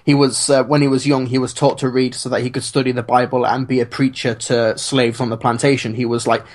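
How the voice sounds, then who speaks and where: Male podcast co-host, casual, filler-heavy, deadpan humor, average pitch. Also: a little fast. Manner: hesitant, many fillers, dry humor. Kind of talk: casual chat.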